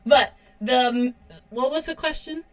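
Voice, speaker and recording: A woman's voice: high-pitched, slow, fairly bright tone. A woman in her thirties chatting casually on a livestream while drawing, self-deprecating and laughing often. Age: 30s. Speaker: webcomic artist streaming.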